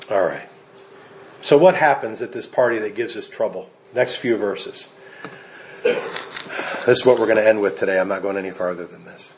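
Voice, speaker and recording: An American man preaching a sermon, animated and emphatic, with jokes for the congregation. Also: lowish voice, moderate pace, long pauses, a little hiss or hum. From United States. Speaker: pastor.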